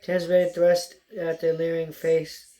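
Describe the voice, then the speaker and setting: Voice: medium pitch, completely flat delivery, takes it slowly, mellow, poor audio. An audiobook narrator reading a story aloud in a plain way, with stumbles now and then.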